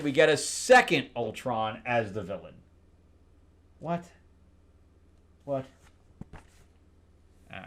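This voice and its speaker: A man recapping comic books in a loose, sarcastic ramble. He trips over his words and restarts often, and he trails off dryly at the end of lines. His voice sits at an everyday middle pitch. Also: a bit bright. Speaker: comic book reviewer.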